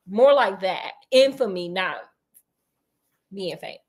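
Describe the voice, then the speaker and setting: A woman's voice: medium pitch, expressive, slow. A woman hosting a storytelling show, retelling a classic detective tale in a chatty, slangy, digressive way. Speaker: storytelling host.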